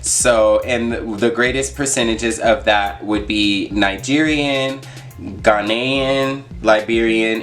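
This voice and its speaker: A man's voice: on the low side, fairly bright tone. A young man talking casually on his vlog, chatty and full of fillers and asides. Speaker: YouTuber.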